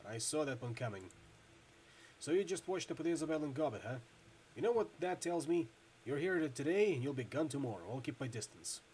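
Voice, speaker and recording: A man reading a video game aloud and voicing a loud, jokey, hungover rigger-doctor in his forties with a loose Midwestern accent. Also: medium pitch, slight background noise, lightly acted. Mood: gruff. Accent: loose Midwestern American. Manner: boisterous, loud, jokey, laughs a lot.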